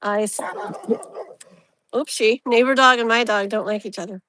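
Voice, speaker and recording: A woman's voice: on the high side, fairly even intonation, moderate pace, bright, forceful tone, a little hiss or hum. A woman hosting a live tarot reading, chatting casually and leaning on "like" and "you know", with a soothing tone toward the viewer.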